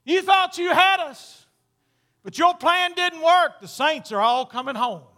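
A man's voice: very high voice, measured pace, bright, forceful tone, voice pushed up, exaggerated voice. A male preacher voicing a triumphant archangel taunting Satan during a sermon. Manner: exultant, proclaiming.

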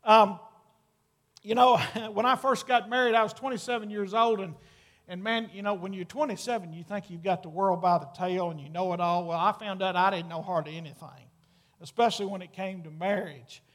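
A man's voice: high voice, fairly even intonation, a little fast, fairly bright tone. A middle-aged man preaching a sermon as pastor, earnest and folksy, drawing out key words for emphasis. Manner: folksy, talks straight to the congregation.

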